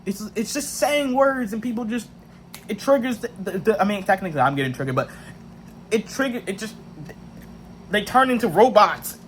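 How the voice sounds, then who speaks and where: Young man, vlog rant, frustrated and swearing, high voice, faint background hiss. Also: animated, normal speed, long pauses. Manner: frustrated, profane, heavy slang, restarts. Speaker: vlogger. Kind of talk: ranting monologue.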